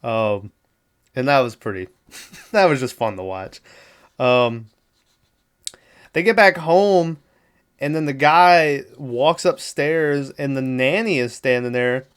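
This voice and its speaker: Speaking slowly with frequent pauses, a man with a smooth, mid-range voice and lively intonation hosts a podcast. His casual solo movie recap is rambling and profane, full of quoted lines he performs.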